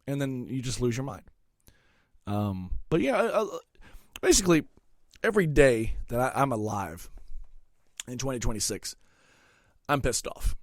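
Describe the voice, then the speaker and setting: A man hosting a comedic rant, angry and swearing, dropping to mutters and then bursting into shouts. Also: mid-range voice, very animated, measured pace, pauses often, no room sound, studio quality. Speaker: comedic ranting host.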